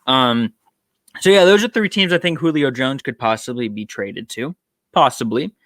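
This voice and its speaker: Bright-voiced man musing on sports. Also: medium pitch, animated, normal speed, no echo, studio quality. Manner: rambling, thinks aloud with many ums. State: tired, yawning. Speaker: sports podcast host. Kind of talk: casual solo sports talk.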